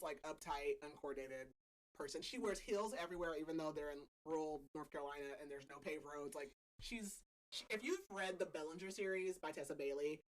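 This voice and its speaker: A woman's voice: on the low side, low-quality recording. A young adult woman hosting a podcast, recapping a novel in casual chat, laughing often and leaning on "like" as filler. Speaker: podcast host.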